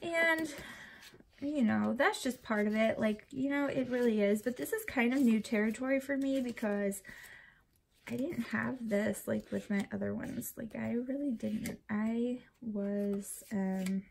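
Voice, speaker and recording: A young woman chats in a loose, rambling way while she works on her planner, worn out and uncomfortable, her voice often sinking to a near whisper. Her tone has a gravelly edge, and a faint hiss sits under the recording. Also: fairly high pitch, a little slow. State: tired and uncomfortable. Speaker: planner channel vlogger. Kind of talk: casual chat while decorating a planner.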